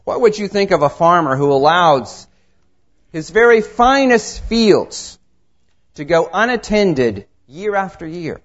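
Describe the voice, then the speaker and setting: A man preaching a sermon, reading scripture and telling stories, his delivery swinging between quiet asides and raised emphasis. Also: fairly high pitch. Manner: tells anecdotes with acted dialogue. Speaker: pastor. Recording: dull lo-fi sermon recording.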